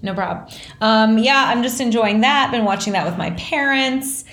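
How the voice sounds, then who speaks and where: A woman's voice: a little high, normal speed, fairly bright tone, echoey room. A woman hosting a podcast in casual chat, talking loosely with lots of fillers and self-deprecating asides. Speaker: podcast host.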